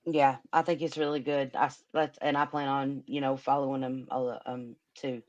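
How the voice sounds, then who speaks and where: A woman's voice: very deep voice, little pitch movement, normal speed, darkish tone, dull audio. A woman hosting a casual livestream chat, emotional and hesitant, filling her talk with many ums. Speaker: livestream host.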